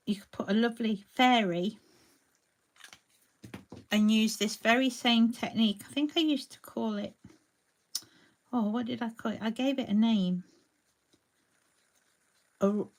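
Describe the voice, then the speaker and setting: Her voice on the high side, a crafting demonstrator speaks a little slowly with long pauses. She hosts a live tutorial, painting as she talks and greets viewers by name.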